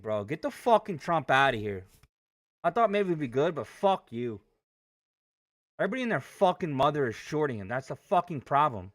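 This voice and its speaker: A man's voice: a little high, very animated, normal speed, no room sound, studio quality. Profane, ranting male day trader. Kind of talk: live trading stream commentary.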